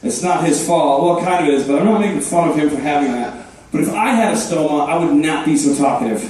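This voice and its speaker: A man doing a deadpan, self-deprecating stand-up set on a club stage, hosting the show and dropping quick asides. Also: fairly high pitch, far from the mic. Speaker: stand-up comedian and host. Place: comedy club stage before a live crowd. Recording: echoey room, voice from afar.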